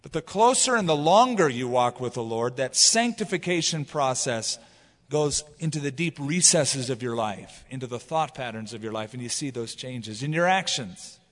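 A man's voice: medium pitch, moderate pace, long reverb tail. A man preaching a sermon as pastor, telling stories and acting out quotes as he goes. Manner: animated storytelling with acted quotes.

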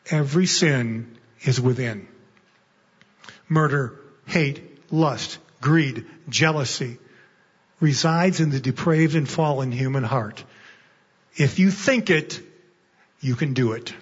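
A man's voice: a little high, slightly rough. A man preaching a sermon as a guest speaker in a church, emphatic, often repeating a word as he starts a thought. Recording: muffled echoey church hall.

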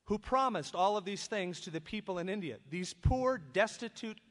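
Animated preacher in a reverberant hall. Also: male voice, high voice, normal speed. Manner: reads scripture, then breaks into lively conversational asides. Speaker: pastor. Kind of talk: expository sermon. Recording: long reverb of a large hall.

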